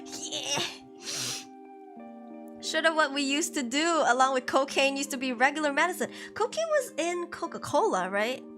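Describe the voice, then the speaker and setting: A woman's voice: high-pitched, lively intonation, moderate pace, a bit bright, faint music behind. A young woman streamer in her twenties chatting casually into a headset, slangy, laughing often. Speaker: VTuber streamer. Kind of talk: casual chat.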